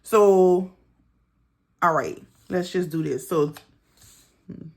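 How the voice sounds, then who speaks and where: A breathless middle-aged budgeting vlogger talks through her monthly budget in an unhurried, drawn-out way, calling out figures and chatting to viewers as "girl" and "y'all." Her voice is on the lower side with a gravelly, breathy edge, and keyboard typing can be heard behind her.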